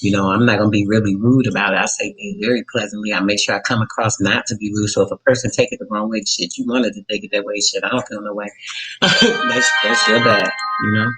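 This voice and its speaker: A man's voice: fairly low pitch, fairly even intonation, fast talker, pushed and bright, husky, low-quality recording. Talkative man hosting a live stream. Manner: loose, talkative, fillers and self-corrections. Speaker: radio show host. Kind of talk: casual live-stream talk.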